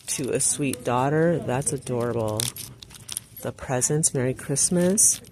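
A woman's voice: extremely low pitch, measured pace, warm tone. Woman doing a casual shop-with-me, filmed on a phone, store noise all around. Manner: chatty, gushing over items, reads card greetings aloud. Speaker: shopping vlogger. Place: inside a large store.

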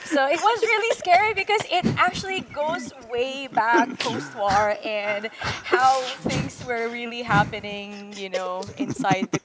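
A woman's voice: fairly high pitch, measured pace, few pauses, a crowd in the background. A woman confidently explaining an answer during a game round.

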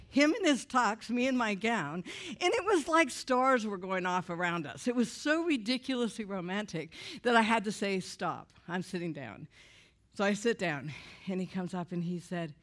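A woman tells a humorous personal testimony to a church audience, in a lively way, acting out the voices of the people in her story. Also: a little high, normal speed. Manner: animated, humorous, acts out quoted voices. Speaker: speaker giving a personal testimony. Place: church event before an audience.

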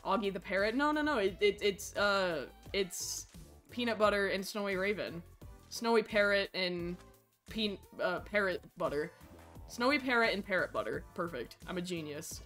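A woman streaming a survival game live, chatting with viewers and yelling at the game, swinging from low mumbles to shrieks. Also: expressive, normal speed, soft background music.

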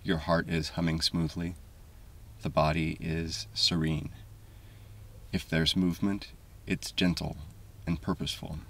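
A man with a very low, gravelly voice reads a scripted essay in a calm, even, measured way. His tone stays flat and husky, and he sounds a little far from the mic. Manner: calm, measured, deliberate delivery. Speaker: video essay narrator. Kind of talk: scripted voice-over narration.

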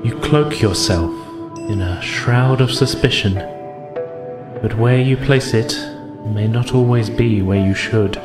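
A man voicing a calm, kindly blind older woman who tells fortunes, speaking gently. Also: medium pitch, slow, reverberant, voice pushed up, lightly acted. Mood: mystic. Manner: gentle, soothing, calls listener dear. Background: background music.

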